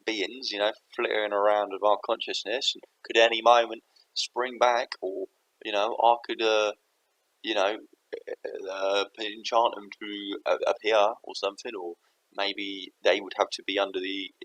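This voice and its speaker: A man's voice: lowish voice, fairly bright tone, low-quality recording. A man thinking aloud to camera in a rambling, self-interrupting way. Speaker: vlogger.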